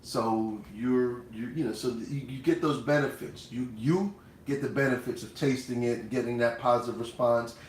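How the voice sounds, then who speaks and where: A man hosts a cooking livestream in a relaxed, chatty way and speaks straight to the people watching. His voice sits at an everyday middle pitch. The room around him rings with a roomy echo. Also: moderate pace, hardly any pauses, slight background noise. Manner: conversational, addresses viewers directly. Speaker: cooking show host. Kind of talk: casual livestream talk.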